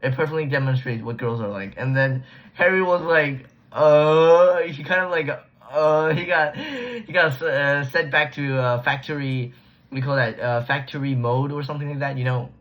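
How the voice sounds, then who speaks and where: A man's voice: a little high, normal speed, a bit bright. A man casually recapping a book he read, using slang, restarting sentences and trailing off. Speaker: book reviewer. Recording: dull lo-fi recording.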